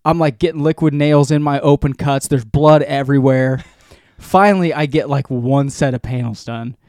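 A man in his forties telling a long rambling story in casual chat, animated and profane, as a podcast co-host. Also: mid-range voice, normal speed, dry recording, studio quality.

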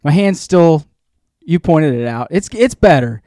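Man in his forties, slightly high voice, dry close sound, animated rambling storyteller, swears freely. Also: measured pace, no echo. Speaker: podcast co-host. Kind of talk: casual storytelling chat.

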